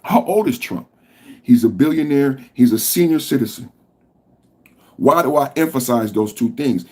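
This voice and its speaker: Husky, impassioned male podcast host. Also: medium pitch, expressive, moderate pace, pauses often. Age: adult with a school-age son. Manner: impassioned, profane, rising to shouts. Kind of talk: political commentary podcast.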